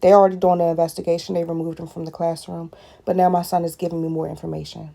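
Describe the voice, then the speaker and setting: Woman with a deep gravelly voice. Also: level tone, fast talker, mellow. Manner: talks straight to viewers, repeating short phrases. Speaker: parent speaking to viewers. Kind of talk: personal video-blog account.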